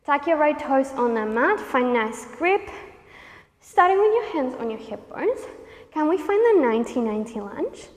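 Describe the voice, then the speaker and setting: A woman's voice: sits high, sing-song, normal speed, big-room sound. A woman leading a pilates workout, encouraging and counting reps while out of breath. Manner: encouraging, counts reps, panting and laughing between cues. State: out of breath, sweaty. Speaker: pilates instructor. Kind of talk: guided workout instruction.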